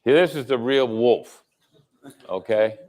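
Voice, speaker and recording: A man's voice: medium pitch, animated, slow pace, darkish tone. A man presenting at a company kickoff, giving a sales training talk to an audience, repeating his words and checking in with "okay?".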